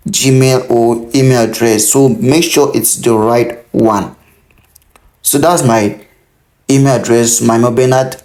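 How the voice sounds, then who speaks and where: A man's voice: medium pitch, darkish tone. A man in his thirties from Cameroon, hosting a step-by-step tutorial and talking the viewer through filling in an online form, often repeating that they must pay close attention. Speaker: tutorial host. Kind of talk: screen-recorded how-to walkthrough.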